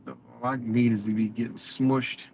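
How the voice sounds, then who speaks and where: This is casual storytelling from a moving car on the highway, where a man streams live and rambles through a profane anecdote with plenty of laughter. His voice is medium in pitch, flat and a little mellow, at a moderate pace. Faint vehicle and road noise can be heard.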